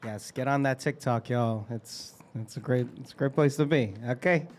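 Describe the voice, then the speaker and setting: A man's voice: mid-range voice, normal speed, background noise. A man hosting an open mic, calling out performers in a loose, chatty way. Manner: loose, chatty call-outs to the crowd. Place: open mic venue, indoors.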